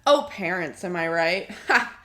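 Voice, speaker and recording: American woman co-host, joking sidekick energy, bright voice with lots of pitch movement. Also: animated. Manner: playful, quick interjections and jokes. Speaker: podcast co-host. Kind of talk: casual chat.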